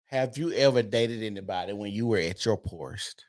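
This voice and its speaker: A man hosting a casual podcast chat, asking probing questions in a low-key manner. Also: fairly quick, a little mellow. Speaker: podcast host.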